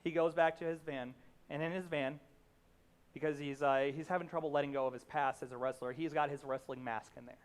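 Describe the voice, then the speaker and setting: A man's voice: on the high side, steady tone, a little fast. A man preaching a sermon as a pastor, telling a story conversationally with fillers and acting out the lines.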